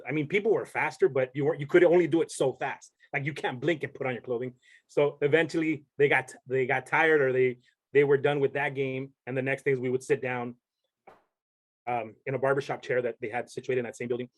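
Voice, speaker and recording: A young man, a podcast guest, telling a story in casual chat and rambling with many restarts. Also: mid-range voice.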